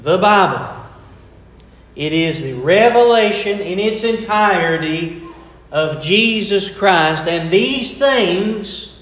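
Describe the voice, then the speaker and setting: A man delivers a sermon at a very slow, measured pace. His voice sits fairly high, and he pauses to stress key words. The sound carries a roomy echo. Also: expressive, a bit bright. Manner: slow, deliberate preaching with emphatic pauses. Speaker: preacher.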